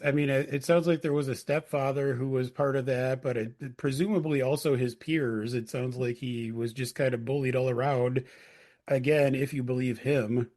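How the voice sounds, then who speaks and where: A man's voice: medium pitch, darkish tone. A man co-hosting a podcast, talking casually and thinking aloud with hedges. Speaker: podcast co-host.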